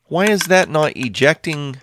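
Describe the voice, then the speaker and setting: A man's voice: a little high, animated, unhurried, fairly bright tone, a little hiss or hum. A man giving casual, rambling commentary over his own game, thinking aloud as he plays. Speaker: Minecraft let's play host.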